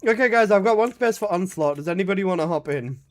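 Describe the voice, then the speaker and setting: A man's voice: high-pitched, animated, fast talker. A young man streaming a game, chatting casually, reading chat aloud and answering with swearing and laughs.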